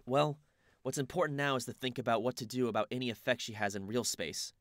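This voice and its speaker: A man's voice: mid-range voice, quick pace, fairly bright tone, no room sound, studio quality, close to an everyday voice. A man voicing a polite, confident teenage boy in an audiobook reading. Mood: composed.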